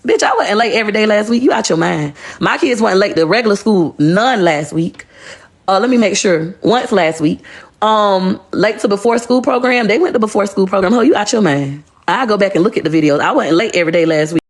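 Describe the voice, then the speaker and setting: A woman's voice: medium pitch, a little fast. A woman, ranting bluntly and profanely on a phone livestream. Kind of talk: casual rant on a livestream.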